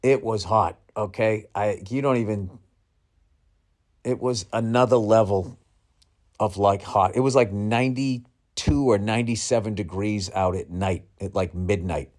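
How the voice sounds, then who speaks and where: A man's voice: fairly low pitch, measured pace, a little mellow. A middle-aged male comedian telling a rambling, profane, self-mocking story in a podcast monologue.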